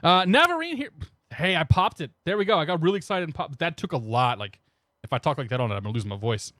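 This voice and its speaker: A man's voice: mid-range voice, steady tone, fast talker, fairly bright tone, no echo, clean studio sound. A young man streaming a flight sim, rambling casually and greeting his chat by name into a desk microphone. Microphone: new desk microphone.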